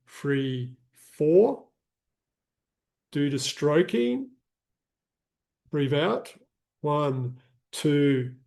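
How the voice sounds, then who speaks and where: A man leading a live guided breathing session, counting breaths in a calm, soothing way and explaining the practice casually. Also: a little high. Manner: casual explaining with fillers, reads chat comments.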